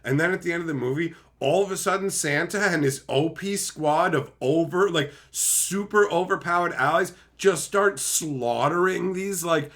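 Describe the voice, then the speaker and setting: A man hosting a casual livestream, chatting with viewers in a profane, animated way and slipping into quick silly impressions. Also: on the high side. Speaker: livestream host. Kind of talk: casual livestream chat, reading viewer messages.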